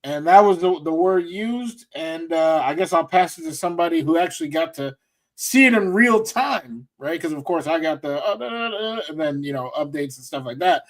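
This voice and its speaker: A man's voice: on the high side, lively intonation, moderate pace. A man co-hosting a casual sports talk show, loose and playful, repeating phrases for effect. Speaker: podcast co-host.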